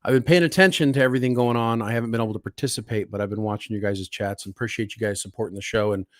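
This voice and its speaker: A man co-hosting a live podcast stream, joking in a laid-back way, hoarse from a recent illness. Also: lowish voice, rapid-fire, no echo, studio quality. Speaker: podcast co-host. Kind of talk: casual live-stream chat.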